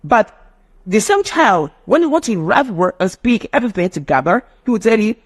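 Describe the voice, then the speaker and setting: A man's voice: high voice, normal speed. A man teaching a live online phonetics class, often asking rhetorical questions. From Nigeria. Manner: animated, mimics children's voices, asks rhetorical questions.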